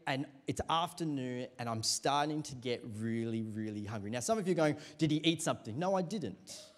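Animated man preaching a sermon. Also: on the high side. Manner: animated storytelling with congregation call-and-response. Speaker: pastor. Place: church.

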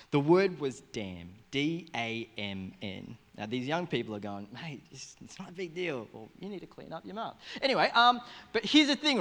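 An Australian man preaches to a church congregation, his voice sitting a little higher than most men's. He tells stories with plenty of humour, jumping between loud punchlines and quieter asides. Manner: joking, animated storytelling with sudden loud and soft swings. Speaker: pastor. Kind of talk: sermon. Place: church service in front of a congregation.

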